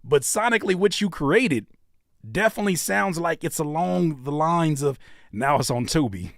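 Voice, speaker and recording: An animated man hosting a live music reaction stream, his voice swinging widely up and down as he jokes and riffs. He repeats phrases for emphasis in a casual, conversational way. The sound is dry and close. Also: on the high side, moderate pace, dry recording. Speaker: host reviewing music submissions. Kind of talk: casual livestream reaction chat.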